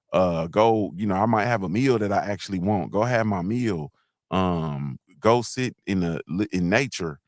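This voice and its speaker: A man's voice: on the low side, no room sound, studio quality. A middle-aged man hosting a casual livestream, talking bluntly in a grumbling, repetitive way and answering his chat. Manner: blunt, grumbling, repeats himself, talks to chat. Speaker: livestream host.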